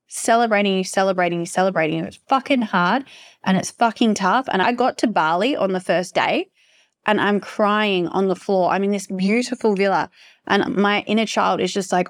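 An impassioned woman hosts a solo podcast, pressing her points with emphatic repetition and free swearing. Her voice sits at an ordinary middle pitch. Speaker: podcast host.

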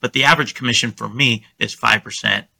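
Gravelly, bright-voiced salesman on a call. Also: steady tone, quick pace, dry recording. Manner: confident, salesy, demonstrates his pitch. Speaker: real estate agent guest. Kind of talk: conversational podcast interview. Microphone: remote call.

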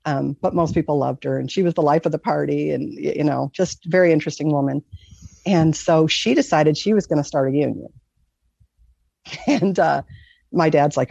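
A middle-aged woman from Michigan recounts a personal experience in a casual, earnest, rambling way, full of fillers. Her voice has a gravelly edge. The recording is dry and a little dull. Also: low voice, moderate pace, mellow, no room sound. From Michigan, USA. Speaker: guest telling a near-death story.

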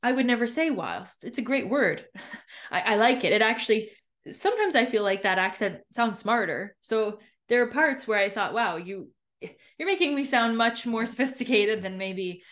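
A woman hosting a podcast, reflecting out loud in a candid, chatty way. She circles back on her thoughts with plenty of fillers and restarts, at a medium pitch. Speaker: podcast host and new author.

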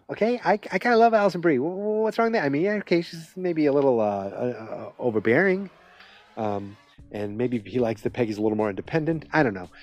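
A man casually recapping a TV episode, rambling and animated, with lots of fillers and restarts. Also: medium pitch.

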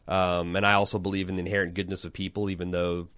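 A man's voice: low voice, level tone, fast, fairly bright tone, smooth, dry recording. A man co-hosting a podcast, talking in a rambling, joking way that often stops and restarts. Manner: rambling, self-interrupting, joking. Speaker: podcast co-host. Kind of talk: casual chat.

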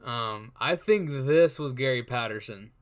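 Man co-hosting sports chat, medium pitch, rambling, repeats himself. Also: animated, measured pace. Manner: rambling, repeats words, teasing. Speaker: co-host.

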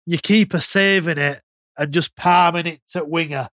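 Guy chatting on a podcast, kinda high voice, swears a lot, dry close mic. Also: normal speed, no echo. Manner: swears freely, rambling and animated. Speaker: podcast co-host. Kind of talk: casual chat.

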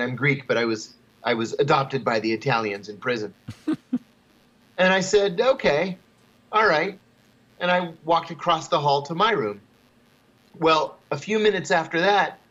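A man telling a story at an even pace as a guest in an interview, with chuckles between phrases. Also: fairly high pitch, normal speed, dull audio.

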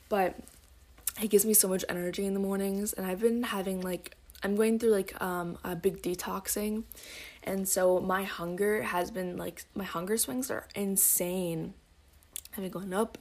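A woman hosting a casual solo podcast, rambling with lots of "like" and "um" and sometimes slipping into soft, breathy asides. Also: lowish voice. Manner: rambling, heavy use of "like" and "um". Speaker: podcast host.

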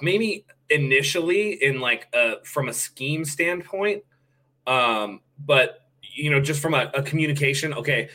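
A man talking football on a podcast in a bright, forward voice. He chats casually and keeps slipping into little acted-out quotes in other voices. His pitch sits in the middle for a man. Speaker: podcast co-host. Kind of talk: casual sports chat.

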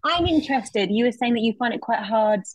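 Woman co-host, husky voice, dry close sound, supportive, asks questions. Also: fairly high pitch, expressive, a little fast, no echo, poor audio. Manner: warmly supportive, probing questions. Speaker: podcast co-host. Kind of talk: casual podcast chat.

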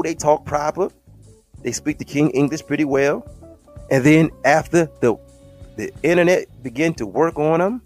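A man hosting a podcast, delivering an impassioned, preachy monologue full of slang and often calling listeners beloved. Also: fairly high pitch. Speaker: podcast host.

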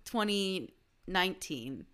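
A woman's voice: lowish voice, expressive, slow, sharp tone, clean tone. A woman co-hosting a casual chat, dry and teasing.

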